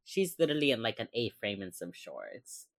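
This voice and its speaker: Animated woman recapping with lively pitch. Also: moderate pace, no room sound. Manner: animated retelling, acts out characters' lines, laughs often. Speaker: podcast co-host recapping a TV episode. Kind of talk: casual chat.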